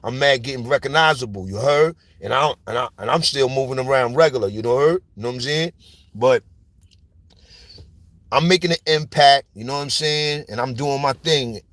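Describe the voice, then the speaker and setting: A New York man with a matching accent tells stories as a YouTuber in a loose, slang-heavy monologue. His mid-range voice has a fairly bright tone at normal speed, recorded dry, and he keeps repeating "you heard?" and "you know what I'm saying."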